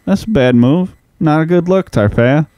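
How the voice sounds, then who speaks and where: A man's voice: fairly high pitch, lively intonation, moderate pace, warm tone, smooth, dry recording. A man co-hosting a podcast in casual comedic chat, telling the story in a laid-back way and swearing casually. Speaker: podcast co-host.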